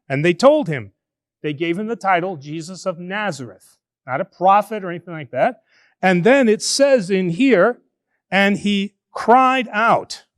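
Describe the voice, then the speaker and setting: Priest, male, high voice, lively conversational sermon delivery in a church. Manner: animated, conversational preaching with drawn-out emphasis.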